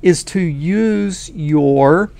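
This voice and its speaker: Man with a gravelly voice, friendly coding teacher addressing viewers directly, casual and upbeat. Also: a little high, extremely slow, warm tone, no echo. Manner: folksy, enthusiastic, talks straight to viewers. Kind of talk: casual screen-recorded lesson.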